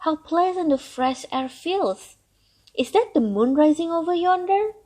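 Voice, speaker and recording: A woman voicing an old trapped male turtle who is sly and boastful, talking in a coaxing way that turns loudly gleeful. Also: very high-pitched, expressive, measured pace, pitched above the performer's own voice. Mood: delighted.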